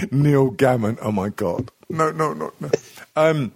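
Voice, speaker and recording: A man's voice: a little high, animated, takes it slowly, creaky, a little hiss or hum. A man hosting a podcast, rambling and swearing freely with self-mocking humour. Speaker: podcast host. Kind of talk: casual podcast chat.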